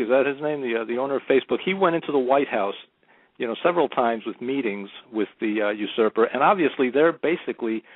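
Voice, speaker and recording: Fast, gravelly man on a phone line. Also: medium pitch, no echo. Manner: emphatic, repeats himself. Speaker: radio host. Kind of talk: political talk radio chat.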